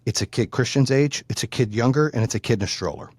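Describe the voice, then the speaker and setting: A man's voice: medium pitch, lively intonation, quick pace, breathy edge, no room sound, studio quality. A man hosting a podcast, telling a story in a blunt, profane way that grows heated. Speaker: podcast host. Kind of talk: casual storytelling.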